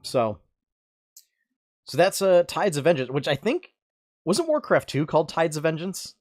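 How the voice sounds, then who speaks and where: A man's voice: on the high side, big pitch swings, measured pace, a little mellow. A man co-hosting a podcast, chatting casually about video games with many fillers and restarts. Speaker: podcast co-host.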